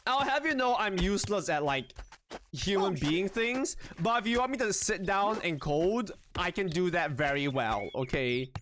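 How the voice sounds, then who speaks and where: A high-pitched man streams a game live, his voice leaping up and down as he chatters to his viewers. He talks excitably and swears without a second thought. A faint hiss of noise sits under his voice. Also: normal speed. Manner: animated, excitable, swears freely, talks to chat. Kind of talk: casual live-stream chatter while gaming.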